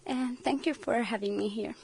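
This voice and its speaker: Creaky-voiced young woman from Western Sahara. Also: a little high, moderate pace, darkish tone, dry recording. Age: young adult. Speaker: guest. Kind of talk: radio interview. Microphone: studio mic.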